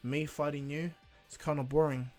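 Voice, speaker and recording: A man voicing a self-assured young male ninja in his own voice, talking in a calm, lecturing way. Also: on the high side, moderate pace, faint music behind, natural voice. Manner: calm, lecturing and slightly cocky.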